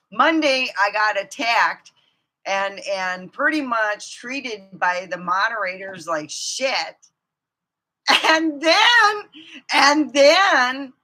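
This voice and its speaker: A woman ranting profanely to her camera, swinging from low muttering to outbursts of shouting. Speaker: vlogger. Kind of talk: angry ranting monologue.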